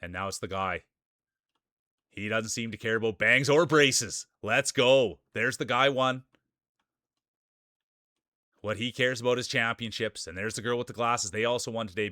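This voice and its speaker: A man's voice: medium pitch, bright, forceful tone, dry recording, studio quality. A man hosting a live stream, calling marble races like a hype announcer and greeting his viewers. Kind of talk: live-stream race commentary.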